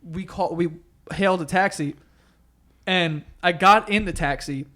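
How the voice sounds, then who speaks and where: A young man with a high voice chats on a podcast. He tells stories with lots of energy and acts out what each person said. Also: measured pace. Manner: animated storyteller, acts out quotes. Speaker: podcast host. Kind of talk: casual chat.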